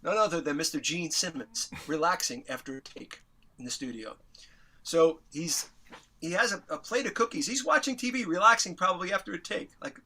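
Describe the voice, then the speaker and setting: A sharp tone marks this middle-aged New York interview guest as he tells a lively story. He acts out the quotes with large pitch swings and swears casually along the way.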